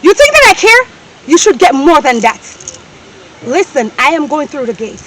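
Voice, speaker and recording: A woman's voice: high voice, very animated, normal speed, rough recording. A woman playing a scornful Jamaican wife. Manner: scolding, shouting, scornful. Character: bossy, scornful wife and lady of the house. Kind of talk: comedy skit acting. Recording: loud background noise.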